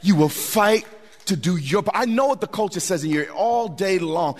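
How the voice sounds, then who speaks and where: A man preaching a sermon with a slightly high, lively voice that swoops up and down. He talks in a folksy, colloquial way and repeats words for emphasis. The recording carries a long hall reverb from the church sanctuary. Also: moderate pace, soft background music. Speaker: pastor.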